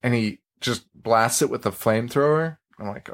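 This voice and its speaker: A man's voice: medium pitch, normal speed. Guy on a movie podcast, chatty, laughs a lot, acts out the dumb lines. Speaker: podcast host. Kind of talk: casual movie review chat.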